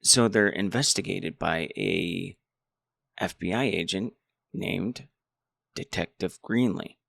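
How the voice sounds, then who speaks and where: A man's voice: sits low, slow, vocal fry, fairly bright tone. A man rambling casually through a movie review. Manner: rambling, many restarts. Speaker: movie commentator.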